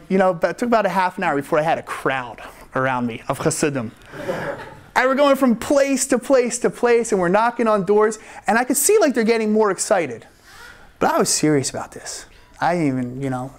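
A man, a rabbi, telling a personal story live at a story slam, animated and laughing often as he acts out the quoted lines. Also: sits high. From United States. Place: event stage before an audience.

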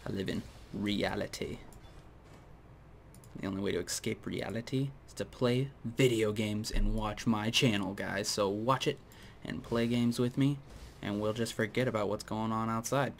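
A man giving casual gameplay commentary, going off on opinionated tangents and talking straight to viewers, with a dry mouth that keeps him clearing his throat. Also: on the low side, fairly even intonation, moderate pace, slight background noise. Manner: rambling, opinionated tangents, addresses viewers directly. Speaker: gaming video host.

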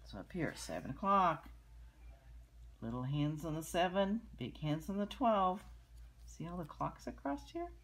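An older woman reading a picture book aloud to children, gently pointing out the pictures and explaining them as she goes. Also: lowish voice, very animated, measured pace.

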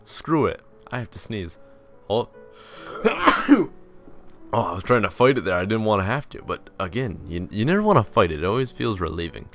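A young man talks through his building game in a loose, rambling way, poking fun at himself. He is tired and yawns now and then. His voice sits a little low. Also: expressive, quick pace, a bit bright, faint music behind. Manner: rambling, self-deprecating, jokey asides. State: tired, yawning. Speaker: gaming channel host. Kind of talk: casual Let's Play commentary.

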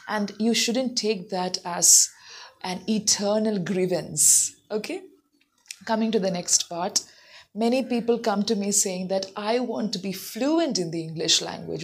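A woman English tutor talks straight to her viewers in an earnest, instructive way as she answers their common questions. Her voice is breathy and slightly husky, set at a middle pitch for a woman. She keeps checking in with a quick "okay?".

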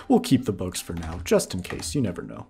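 A man's voice: low-pitched, wildly swooping pitch, normal speed, gravelly, warm tone, soft background music. A man giving casual let's-play commentary, chuckling and explaining as he plays. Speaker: gamer.

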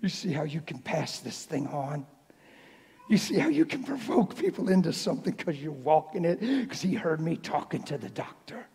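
A man preaching a sermon in a church, telling a story with lively acted-out dialogue. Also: fairly high pitch, normal speed, vocal fry, slightly rough. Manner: storytelling, animated, acts out dialogue. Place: church hall. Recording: long reverb in a church hall.

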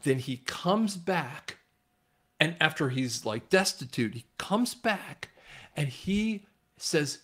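Animated man teaching the Bible casually. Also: a little high, slow, husky. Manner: rambling, with many restarts; retells scripture in casual voices.

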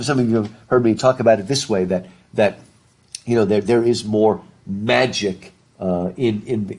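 Husky-voiced man lecturing to a class. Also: fairly low pitch, darkish tone. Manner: rambling, repeats words often, asks the class questions. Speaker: literature professor. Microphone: worn mic while masked.

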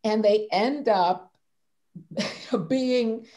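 Slow, mellow-voiced woman panelist. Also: on the high side. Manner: measured, thoughtful, with frequent restarts. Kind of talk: academic panel discussion.

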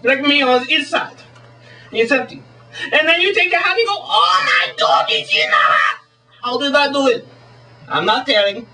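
A man putting on a high, excitable voice as a crude, goofy Swedish stage magician. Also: moderate pace, long pauses, far from the mic, exaggerated voice, low-quality recording.

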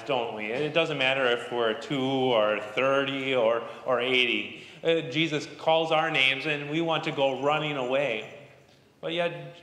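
A pastor in his thirties speaks gently to children, telling a story with halting restarts. His voice sits a little high for a man. It rings through a roomy chapel with a long reverb tail. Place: church chapel.

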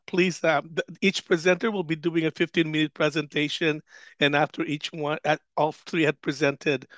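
Man moderating a webinar, fairly high voice. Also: fairly bright tone, no room sound. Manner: hesitant, with many fillers. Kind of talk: event moderation.

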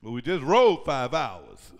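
A male pastor preaching a sermon in a church, shouting at times and leading call-and-response with the congregation. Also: medium pitch, very animated, measured pace. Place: church sanctuary. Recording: reverberant church hall.

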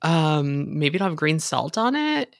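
A man's voice: fairly high pitch, big pitch swings, takes it slowly, gravelly, no echo, clean studio sound. A middle-aged man hosting a podcast in casual chat, talkative and self-amused, laughing often. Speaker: podcast host.

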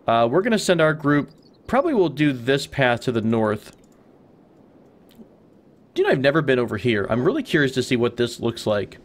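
A man talking through his game session in a loose, easygoing way. He rambles and thinks aloud, with asides as he goes, in a voice of middling pitch. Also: very animated, moderate pace, pauses often. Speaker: let's play host. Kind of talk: casual gameplay commentary.

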